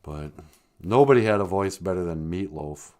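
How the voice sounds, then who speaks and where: A man's voice: low-pitched, animated, moderate pace, darkish tone. A man hosting a casual comedic chat, rambling and joking with strong opinions. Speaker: podcast host.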